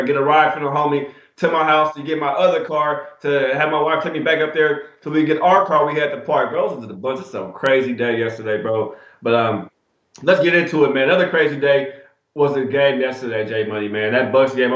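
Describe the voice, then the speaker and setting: A quick-talking man co-hosts a sports betting show in a loose, slangy style, cursing freely as he tells a story. His voice bounces around a roomy space, and the recording sounds dull and lo-fi. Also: medium pitch. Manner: animated, swearing, slangy storyteller. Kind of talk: casual storytelling and betting talk. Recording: echoey room, dull lo-fi sound.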